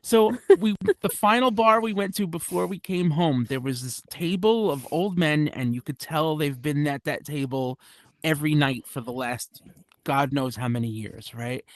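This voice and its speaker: A man's voice: a little high, moderate pace, no echo. A man doing a stand-up comedy set at a club, rambling and self-deprecating with many restarts and asides. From United States.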